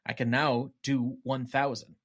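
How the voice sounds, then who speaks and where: A man on a podcast reading film quotes as a vain, cold male yuppie killer in a plain, even way. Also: mid-range voice, a little slow, natural voice. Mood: smug.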